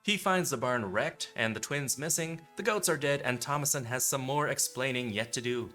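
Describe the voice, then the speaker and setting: A man's voice: mid-range voice, moderate pace, pushed and bright, faint music behind. A man reviewing a movie in a wisecracking, sarcastic way, acting out lines for laughs. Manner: wisecracking, sarcastic, acts out quotes. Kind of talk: comedic movie review commentary.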